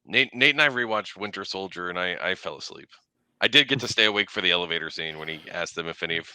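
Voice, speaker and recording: A man co-hosting a podcast, talking rapidly and plainly in casual chat over a video call. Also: deep voice, animated, pushed and bright, smooth, no room sound, low-quality recording. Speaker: podcast co-host.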